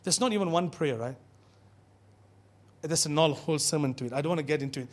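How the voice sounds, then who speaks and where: Male preacher, high voice, animated sermon, call-and-response with the congregation, church setting. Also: brisk.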